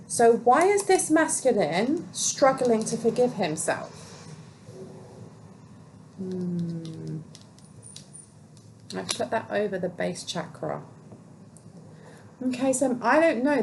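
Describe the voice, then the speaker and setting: A woman's voice: mid-range voice, animated, unhurried, gravelly, pauses often, a little mellow, slight background noise, poor audio. A woman giving a solo tarot reading, musing aloud and questioning the cards as she goes. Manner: musing, talks to herself and the cards. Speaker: tarot reader.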